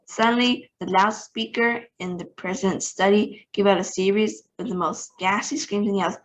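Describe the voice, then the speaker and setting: A woman reading a children's book aloud as a storyteller, lively and expressive, giving each character a voice. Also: medium pitch, moderate pace, low-quality recording. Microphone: online meeting recording.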